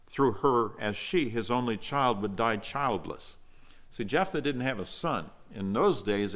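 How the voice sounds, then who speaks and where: Earnest low-voiced male Bible teacher. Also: fairly bright tone. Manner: earnest, explanatory, with fillers and restarts. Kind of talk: Bible reading and verse-by-verse teaching.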